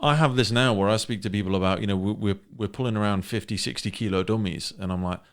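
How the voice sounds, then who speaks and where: A man hosting a podcast, speaking conversationally and often adding quick affirmations. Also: lowish voice. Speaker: podcast host. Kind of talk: casual interview chat.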